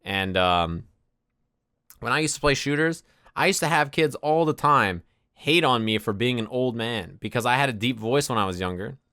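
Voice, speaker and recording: A man streaming, telling stories in casual chat, animated and swearing freely as he acts out what people said. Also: mid-range voice, moderate pace, no echo, clean studio sound.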